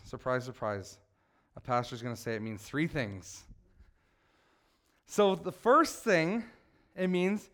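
A pastor preaches a sermon to his church in a voice that sits high, earnest and emphatic, prompting the congregation to repeat after him.

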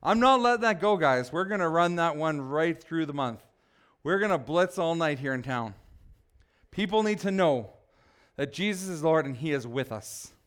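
A male pastor preaching a sermon, swinging from quiet asides to loud, emphatic exhortation. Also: fairly high pitch, expressive, moderate pace.

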